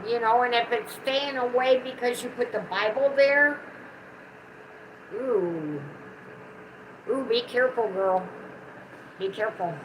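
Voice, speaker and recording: A woman's voice: a little high, measured pace, pauses often, noisy background. A middle-aged woman with a Southern American twang, chatting affectionately on a casual livestream. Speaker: co-host of a livestream, the channel owner's mother.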